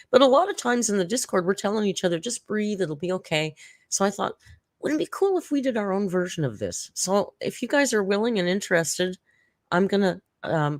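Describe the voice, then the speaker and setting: A woman's voice: fairly low pitch, dry recording. Middle-aged woman hosting a live stream, rambling and emotional, dry close sound. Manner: rambling, emotional, laughing often. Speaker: streamer host. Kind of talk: casual live-stream chat.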